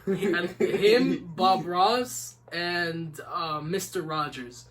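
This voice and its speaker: A man's voice: high-pitched, drawn-out words, a bit bright. Rambling young man on a podcast. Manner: laid-back, rambling, lots of "like" and "man". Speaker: podcast host. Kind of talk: casual chat.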